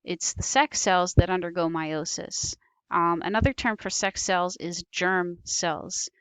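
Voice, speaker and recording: A woman's voice: lowish voice, steady tone, unhurried, clean tone, dry recording. A woman teaching biology over slides, explaining patiently with occasional ums and self-corrections. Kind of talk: recorded slide lecture.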